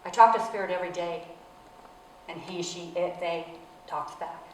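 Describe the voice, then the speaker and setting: Casting: earnest woman minister, lowish bright voice, heard from afar in a roomy hall. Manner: earnest, spiritual, measured. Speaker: reverend, speaker. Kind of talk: inspirational talk. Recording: echoey room from far off, faint noise.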